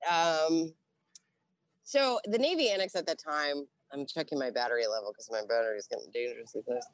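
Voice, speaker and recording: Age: middle-aged. Sex: woman. Role: Navy veteran guest. Delivery: low, dry-sounding voice, swearing freely and acting out what people said. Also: brisk, no echo. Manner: profane, animated, acts out quoted dialogue. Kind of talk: casual storytelling.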